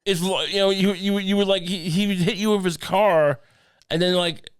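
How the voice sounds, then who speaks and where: A man's voice: high-pitched, steady tone, moderate pace, smooth, no echo, clean studio sound. A man co-hosting a podcast, rambling and joking, often laughing through his lines. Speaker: podcast co-host. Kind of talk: casual chat.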